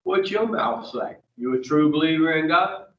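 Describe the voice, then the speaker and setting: A man's voice: on the high side, animated, normal speed, a bit bright. A man leading an addiction recovery group, blunt and profane, firing questions at his listeners. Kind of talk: blunt group teaching session. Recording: dull echoey room, mic far off.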